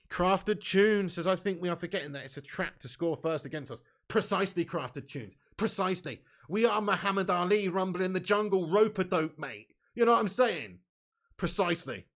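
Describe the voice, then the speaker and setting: On his fan channel's live match watch-along, a man reads the viewer chat at a moderate pace in a high, animated, fairly bright voice. The banter is blunt, sweary and football-heavy, and he chats away with lots of "mate" and "bud."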